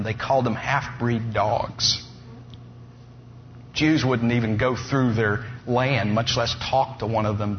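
Animated storytelling preacher, lo-fi. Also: male voice, medium pitch. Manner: animated storytelling with humorous asides. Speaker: pastor. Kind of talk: sermon. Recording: dull lo-fi sound with faint noise.

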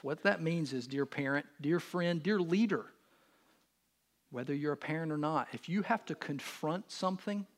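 A man in his thirties preaching a sermon in church, earnest and animated as he speaks directly to the congregation. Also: on the high side. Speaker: pastor.

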